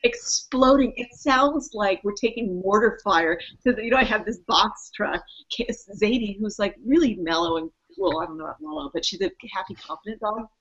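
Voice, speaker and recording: A woman's voice: mid-range voice, moderate pace, fairly bright tone. Woman rambling through a wild story on a podcast, swears a lot, kinda muffled audio. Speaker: podcast co-host. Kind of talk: casual storytelling chat.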